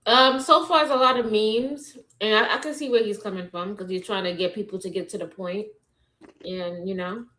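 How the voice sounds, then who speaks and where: A woman co-hosting a live stream, chatting in a relaxed, offhand way while reacting to a video. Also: mid-range voice, normal speed, rough recording. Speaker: stream co-host. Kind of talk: casual chat reacting to a video.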